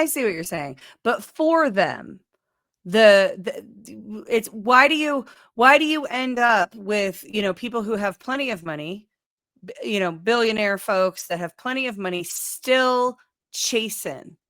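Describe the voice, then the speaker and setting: A woman's voice: a little high, animated, unhurried, fairly bright tone, dry recording. Emphatic woman host, dry sound. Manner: emphatic and argumentative. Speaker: show host. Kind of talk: casual political chat.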